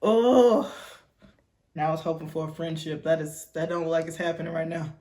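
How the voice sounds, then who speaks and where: A woman's voice: sits low, normal speed. Emotional young woman reacting. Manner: expressive, emotional, exclaiming. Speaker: reaction video host. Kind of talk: casual reaction commentary.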